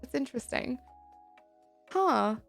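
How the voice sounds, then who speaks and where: Woman, live streamer, gentle, reassuring, affectionate, slight fry, faint background music. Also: sits high, lively intonation, slow. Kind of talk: casual live-stream chat, reading chat aloud.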